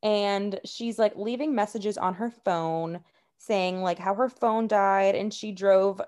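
A woman co-hosting a casual podcast, chatty and exasperated, with her sentences full of "like" and "um". She talks at an ordinary middle pitch and tells a story in a loose, conversational way. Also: steady tone, slow, darkish tone. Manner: chatty, heavy on fillers like "like" and "um"; openly exasperated about the subject. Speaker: podcast co-host. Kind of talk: casual true-crime podcast chat.

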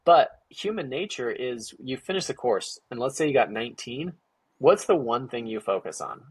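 A man's voice: medium pitch, big pitch swings, moderate pace, husky, dry recording. A middle-aged man, a guest on an interview show, telling a story casually and animatedly, acting out quotes, with many fillers. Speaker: guest, entrepreneur and parent.

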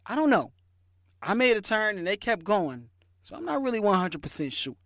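A man's voice: high voice, normal speed, no room sound, clean studio sound. Chatty man telling a story. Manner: lively, chatty storyteller with slangy phrasing. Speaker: podcast host. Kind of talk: casual storytelling.

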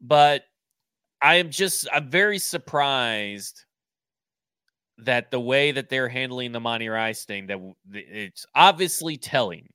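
A man's voice: medium pitch, expressive, a little slow, bright, forceful tone, smooth, dry recording, studio quality. A man co-hosting a sports podcast, talking in a blunt, opinionated, casual way and swearing now and then. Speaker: podcast co-host.

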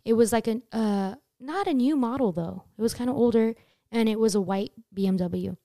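Young woman telling a story, mellow voice, swears a lot, voice jumps way up when she yells, dry close mic. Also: normal speed, no room sound. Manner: animated, swears freely, jumps in pitch on quoted screams. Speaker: podcast host telling a story. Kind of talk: casual storytelling chat.

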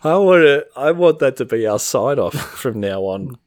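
A man's voice: mid-range voice, lively intonation, normal speed, a little mellow, no room sound. Laughing, swearing podcast co-host man. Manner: laughs often, swears, acts out quoted voices. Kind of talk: casual wrestling podcast chat.

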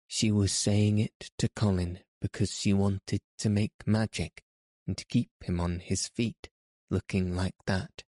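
Male audiobook narrator, deep voice, slow, measured storybook reading. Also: darkish tone, dry recording, clean studio sound.

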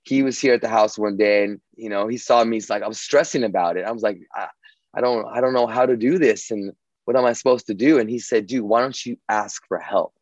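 A man's voice: fairly low pitch, fast, a little mellow, no room sound, muffled recording. A man casually telling a long story, rambling and swearing, with many restarts. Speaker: guest telling his story.

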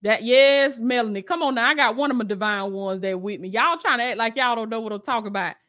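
A woman's voice: on the high side, fast talker, pushed and bright. A woman preaching to her online audience, emphatic and repetitive, calling listeners to stand firm. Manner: emphatic, repeats rallying calls, speaks to listeners directly. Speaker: Christian lifestyle coach and preacher.

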